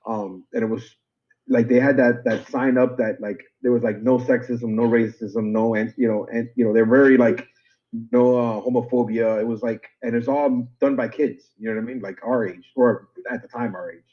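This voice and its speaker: A man's voice: mid-range voice, fairly even intonation, normal speed. A man from Miami, a podcast guest, talking in a rambling way with many filler words. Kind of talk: casual chat. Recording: dull lo-fi recording.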